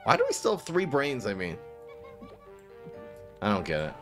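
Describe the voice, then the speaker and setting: Excitable man streaming over game music. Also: lowish voice, moderate pace. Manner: thinks aloud, bursts into giggling excitement. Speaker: streamer playing a card game. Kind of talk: casual live-stream gameplay commentary.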